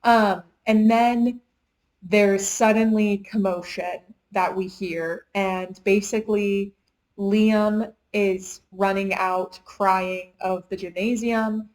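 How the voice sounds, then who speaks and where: A woman's voice: mid-range voice, steady tone, slow pace, a little mellow, low-quality recording. A young woman in casual chat, retelling a book plot in a chatty way with lots of "like". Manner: chatty retelling, heavy use of "like". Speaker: book reviewer.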